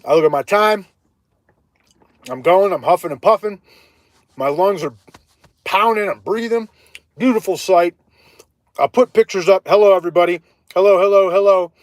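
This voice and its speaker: A man spins a hiking tale on his live stream, chatty and animated, breaking off now and then to greet viewers. His voice sits a little high. The sound is close and dry, with no room echo. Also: a little slow, long pauses. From Ohio. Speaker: livestreaming vlogger. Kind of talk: casual live-stream storytelling.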